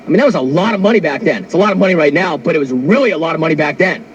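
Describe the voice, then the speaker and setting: Brash radio guy ranting into the mic, husky kinda raspy voice. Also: on the high side, expressive, racing, no echo, dull audio. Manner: brash, wisecracking storyteller. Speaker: sports radio host. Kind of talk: talk radio monologue. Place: radio studio.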